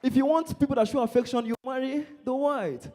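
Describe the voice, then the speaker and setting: A man's voice: very high-pitched, brisk, darkish tone. A young man from Nigeria with a Nigerian accent, performing live stand-up comedy and teasing the crowd.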